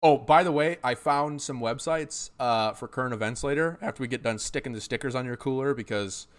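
A man's voice: mid-range voice, fairly quick. A young man hosting a casual live-streamed chat, joking and swearing freely. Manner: profane, joking, excitable. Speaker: podcast host.

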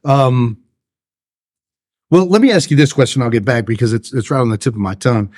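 A man's voice: mid-range voice, lively intonation, fairly quick, darkish tone, no echo, studio quality. A man co-hosting a podcast, easygoing and agreeable, who sometimes loses his train of thought. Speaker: podcast co-host. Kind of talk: casual chat.

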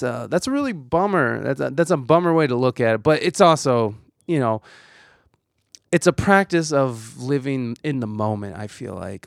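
A young man rambles through a casual solo podcast chat, cursing freely and poking fun at himself. His voice sits a little high for a man. The recording is dry and close, with no room sound. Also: no room sound. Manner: rambling, profane, self-deprecating. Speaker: podcast host.

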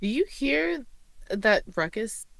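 A man co-hosting a relaxed podcast, dropping dry, offhand remarks. His voice is bright and tense, and the recording is close and dry. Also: very high-pitched, takes it slowly, creaky, dry recording. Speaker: podcast co-host. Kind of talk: casual chat.

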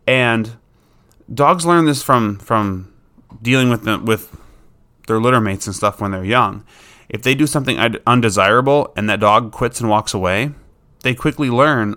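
A man's voice: fairly low pitch, normal speed, a bit bright, smooth. A man talking casually as a dog trainer, explaining dog behavior in an informal, plain-spoken way. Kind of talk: casual instructional talk.

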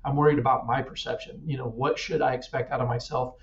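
A man's voice: medium pitch, flat delivery, quick pace. A middle-aged man from Kansas, a cyclist guest, telling his story earnestly, often repeating words. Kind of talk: casual interview. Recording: echoey distant dull-sounding mic.

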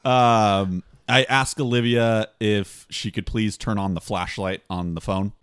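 A goofy man playing a tabletop game, given to yelling in character. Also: lowish voice, steady tone, unhurried, smooth, no room sound, studio quality. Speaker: player. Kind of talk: casual tabletop game chat.

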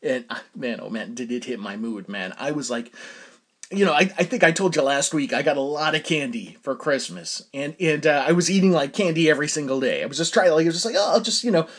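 A man's voice: a little high, a little fast. A man hosting his own podcast, telling a casual solo story in a chatty, self-deprecating way and laughing often. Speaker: podcast host.

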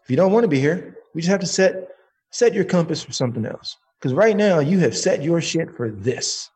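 A man voicing God as a calm, knowing male spirit who chides and swears, speaking slowly and higher than his own voice. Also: slightly rough. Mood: stern. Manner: slow, teasing, profane.

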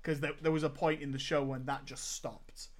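A man's voice: a little high, flat delivery, normal speed, a crowd in the background. A man co-hosting a podcast, chatting casually about films in an emphatic, enthusiastic way. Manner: enthusiastic, emphatic, repeats words when starting. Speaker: podcast co-host. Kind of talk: casual film review chat.

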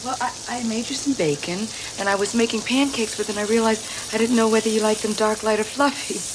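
A woman's voice: fairly high pitch, steady tone, brisk, natural voice. An actress playing an obsessive, scorned woman who talks in a sugary, taunting way. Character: obsessive scorned woman, sweet then menacing. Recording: film soundtrack with loud background noise.

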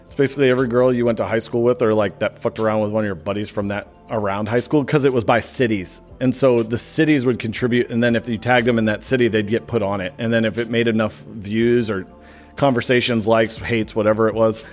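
A man's voice: fairly low pitch, steady tone, quick pace, soft background music. A man co-hosting a podcast, rambling in crude casual banter and trailing off mid-thought. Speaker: podcast co-host.

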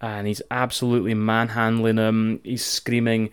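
A man with a Scottish accent recapping a wrestling show in casual, profane, animated chat as a podcast co-host. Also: medium pitch, moderate pace.

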